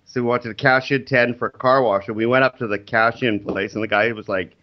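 Guy teacher telling a story super animated, doing the other people's voices, casual chat. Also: mid-range voice, fairly quick, lo-fi sound. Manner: animated, acts out quoted people with swearing.

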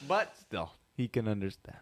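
A man's voice: on the low side, very animated, slow pace. A man co-hosting a casual podcast, earnest and emphatic, often repeating himself. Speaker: podcast co-host. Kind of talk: casual chat.

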